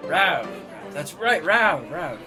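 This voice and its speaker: A man's voice: a little high, sing-song, takes it slowly, voice pushed up. A man voicing a sad, forgetful bartender who rambles and stumbles over names, with faint music behind. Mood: fond. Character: sad old male bartender, warm, forgetful.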